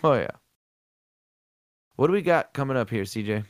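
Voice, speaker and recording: Smooth-voiced man, profane. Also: mid-range voice, animated, moderate pace, dry recording, clean studio sound. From American Midwest. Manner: rambling, profane, laughs often. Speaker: co-host. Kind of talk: casual podcast chat.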